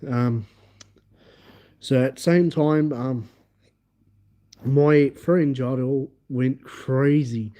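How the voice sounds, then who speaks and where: A man's voice: medium pitch, fairly even intonation, extremely slow, long pauses, mellow. A man telling a long story on a livestream, rambling and restarting his phrases as he goes. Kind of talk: casual storytelling. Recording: dull lo-fi audio.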